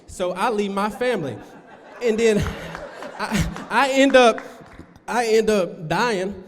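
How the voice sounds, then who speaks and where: A man with a fairly high voice, working a live crowd as a stand-up comedian. He tells loose rambling stories and jumps into squeaky put-on voices for other people. His voice rings with the long reverb of a performance venue. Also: slow, slight background noise.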